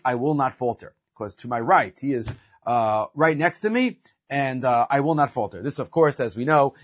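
A man's voice: medium pitch, husky, dull audio. A man teaching a religious lesson, explaining and translating verses and often asking "right?". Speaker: Torah teacher.

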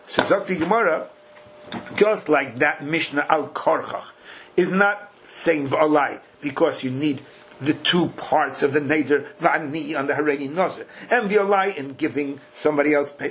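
A man's voice: a little high, normal speed, a bit bright, slight background noise. Emphatic man teaching a Talmud class. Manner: reads Aramaic text in a chant, then explains in casual English; emphatic, rhetorical questions.

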